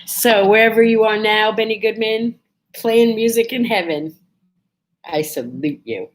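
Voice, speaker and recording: A woman hosting a casual morning vlog, telling a personal story in a chatty, animated way and feeling a bit under the weather. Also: mid-range voice, a little slow, slight background noise. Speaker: vlog host.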